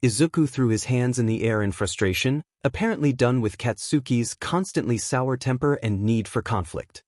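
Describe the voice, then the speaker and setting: A man reading fan fiction aloud as narrator, in a steady storytelling manner. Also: mid-range voice, moderate pace, hardly any pauses, dry recording, studio quality.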